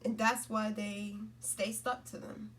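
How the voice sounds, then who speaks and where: A woman's voice: mid-range voice, flat delivery, slow, fairly bright tone. Woman rambling about faith, kinda far from the mic, faint hum behind, keeps saying right?. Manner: rambling, repeats herself, lots of "right?" and "you know?". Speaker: spiritual content creator. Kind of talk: casual spiritual talk to camera.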